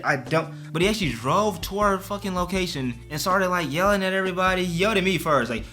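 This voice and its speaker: A man's voice: high voice, animated, fast, few pauses, sharp tone, soft background music. A young man telling a storytime rant in a casual, profane, slangy way. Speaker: vlogger.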